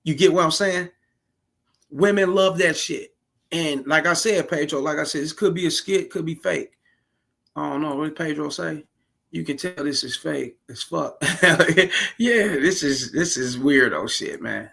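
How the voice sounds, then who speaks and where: A man talks through a clip in loose, crude reaction commentary. His voice sits a touch high and carries a gravelly, husky edge, and he lays out his blunt advice straight to the fellas. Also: unhurried, fairly bright tone.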